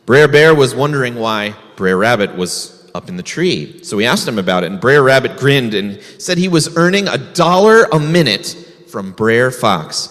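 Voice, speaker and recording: A man's voice: mid-range voice, big pitch swings, moderate pace, a bit bright, big-room sound. A man, a rabbi, telling a folk tale to children in a folksy way, asking the kids questions. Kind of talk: storytelling to children.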